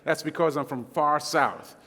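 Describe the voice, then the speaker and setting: A man's voice: a little high, unhurried, a bit bright. Chatty Caribbean man preaching in a church hall. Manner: chatty, self-joking, many fillers. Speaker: guest preacher. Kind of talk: casual sermon with slides. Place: church sanctuary. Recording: long hall reverb.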